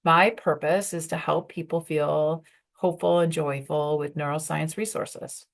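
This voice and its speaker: This workshop leader has a deep, steady voice with vocal fry and a measured pace, addressing professional women. She talks conversationally, dropping in fillers and acting out pieces of dialogue.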